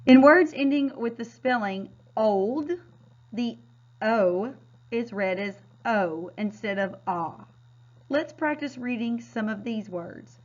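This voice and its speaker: A woman teacher giving a recorded phonics lesson, modeling words clearly and patiently. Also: a little high, animated, slow, a little mellow. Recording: dull, lo-fi sound.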